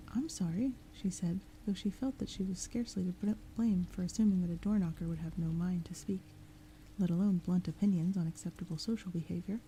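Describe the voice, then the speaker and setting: A woman reading a story aloud in a gentle, calm, soft-spoken audiobook style, sometimes slipping into whispers. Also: on the low side, slight background noise, rough recording. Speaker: audiobook reader. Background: thunderstorm sounds.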